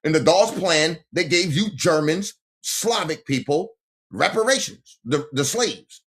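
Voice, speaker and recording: This livestream host, recorded on his phone, delivers a ranting monologue that taunts and confronts his viewers head-on. His voice is on the high side and fairly bright. His intonation is lively, though he speaks a little slowly.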